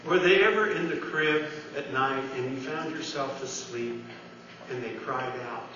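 A man's voice: medium pitch, measured pace, sharp tone, a little hiss or hum. A man preaching a sermon as pastor, earnest and conversational, putting questions to his congregation, recorded from far off in a large church hall. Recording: distant roomy church sound, dull.

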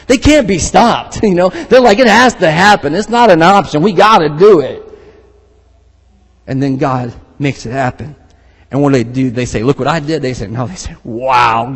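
Man, pastor, lively sermon, fairly high voice, long reverb of a big hall. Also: breathy edge. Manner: animated preaching, laughs, reads scripture aloud.

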